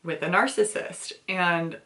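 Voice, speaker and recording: A woman's voice: fairly low pitch, fairly even intonation, unhurried, sharp tone. A young woman hosting a book club discussion, talking candidly and emotionally about a novel, often breaking into laughter. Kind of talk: casual book review.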